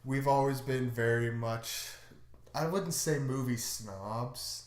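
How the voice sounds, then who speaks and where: رجل يتحدث بعفوية في غرفة ذات صدى. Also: male voice, mid-range voice, slow, a little mellow. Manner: laid-back, hedging with fillers. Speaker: podcast co-host. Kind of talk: casual chat. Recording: roomy echo.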